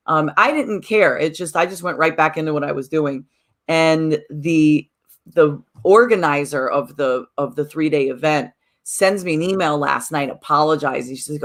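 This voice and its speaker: A woman's voice: lowish voice, normal speed, a bit bright. A woman co-hosting a podcast and teacher of mindfulness workshops, telling a story in casual chat and acting out the people she quotes.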